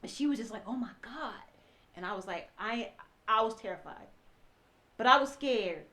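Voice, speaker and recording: Woman telling her story, acts out everyone's lines, kinda high voice, keeps restarting. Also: moderate pace. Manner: animated, acts out quoted dialogue, restarts often. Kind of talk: emotional personal storytelling.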